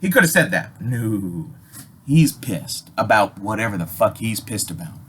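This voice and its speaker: A man telling a story in a loose, profane, animated way with big swings in his voice. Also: fairly low pitch, normal speed, a little hiss or hum. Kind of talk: casual spoken storytelling.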